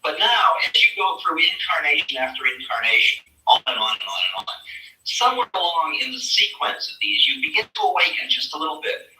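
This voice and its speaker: A man giving a spiritual talk at a workshop, telling his story in a lively way and acting out the voices in it. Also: fairly high pitch, brisk, roomy sound, distant mic, low-quality recording. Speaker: spiritual teacher.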